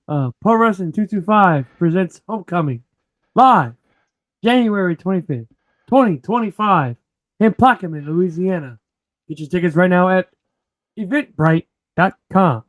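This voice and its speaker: A man's voice: high voice, no room sound. A man hosting a wrestling podcast, hyping his co-host like a ring announcer and joking around. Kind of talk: wrestling podcast hype intro.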